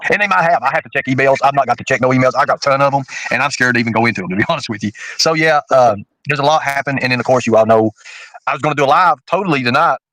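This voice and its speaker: A man's voice: medium pitch, bright, forceful tone, dry recording, rough recording. A man, a livestream host rambling in casual chat with fillers and restarts.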